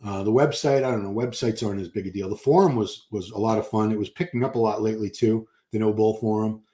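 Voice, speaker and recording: A man's voice: lowish voice, fairly even intonation, quick pace, dark tone. An older man, chatting casually on a live stream and answering comments, rambling and correcting himself as he goes.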